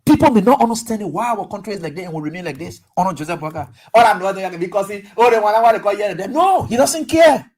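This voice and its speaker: Animated Liberian radio host, husky. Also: mid-range voice, fast, few pauses. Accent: Liberian English. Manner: animated, acts out dialogue, asks rhetorical questions. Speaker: radio talk show host. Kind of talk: political commentary monologue.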